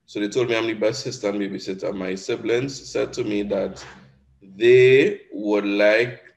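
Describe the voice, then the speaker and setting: A man's voice: fairly low pitch, steady tone, measured pace, vocal fry. A man with a Caribbean accent teaching an exam revision lesson, explaining patiently and often checking in with "right?". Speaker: Spanish teacher.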